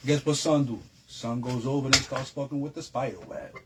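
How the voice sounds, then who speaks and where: A man's voice: medium pitch, steady tone, a little fast, very noisy. A man, a guest telling a long story in a casual, streetwise way with heavy slang and repeated phrases. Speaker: interview guest.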